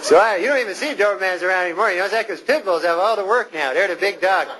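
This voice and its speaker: A young man from Canada doing a stand-up set in a comedy club, with a deadpan, rambling delivery and drawn-out pauses. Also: sits high. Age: 20s. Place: comedy club stage with live audience. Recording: loud crowd laughter and noisy live room.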